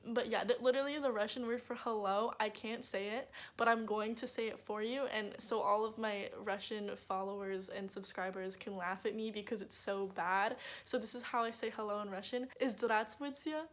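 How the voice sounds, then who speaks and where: A woman's voice: mid-range voice, fairly even intonation, fairly quick, hardly any pauses. A young woman, a native English speaker, chatting casually to camera in a bubbly vlog with lots of filler words. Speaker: vlogger.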